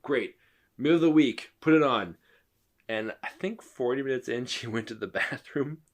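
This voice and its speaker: A man's voice: mid-range voice, normal speed. A man in his thirties co-hosting a podcast, telling a casual story and acting out the quotes. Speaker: podcast co-host. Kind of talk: casual movie-review chat.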